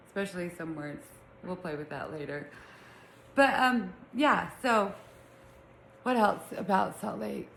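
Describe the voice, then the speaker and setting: A woman's voice: mid-range voice, slow, creaky, pauses often, fairly bright tone, roomy sound, slight background noise, rough recording. A middle-aged woman with a Utah accent and a lisp, chatting casually and rambling to her viewers from home. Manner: chatty, rambling, self-teasing. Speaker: vlogger. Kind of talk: casual chat to camera. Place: room at home with pets.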